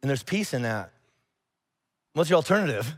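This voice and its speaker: A man preaching a sermon to a church congregation in a conversational, animated way, acting out little exchanges of dialogue. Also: mid-range voice, normal speed. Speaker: pastor. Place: church auditorium.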